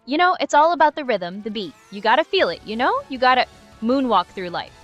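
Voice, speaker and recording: A synthetic woman's voice putting on the impression of a male pop star, high, breathy and with a slight lisp, in exaggerated sing-song squeals. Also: big pitch swings, a little fast, a bit bright, no room sound, muffled recording, faint music behind. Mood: grooving.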